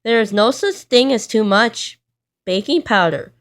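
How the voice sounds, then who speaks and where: A woman's voice: fairly high pitch, lively intonation, unhurried. A woman voicing a stubborn, bossy cartoon man in a children's storybook reading. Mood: insistent. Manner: stubborn, insistent.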